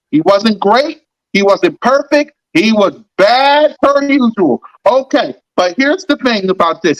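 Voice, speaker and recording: A man's voice: very high voice, a bit bright, poor audio. A man hosting a fan sports talk show, ranting in a heated, mocking way and repeating lines for emphasis.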